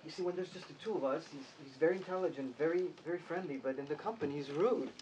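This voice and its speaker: A man's voice: on the high side, quick pace, a little mellow, close to an everyday voice. A man playing a lovesick young officer. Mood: pleading. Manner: earnest, pleading. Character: lovesick young male officer under thirty. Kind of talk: stage drama acting. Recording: distant mic with noise.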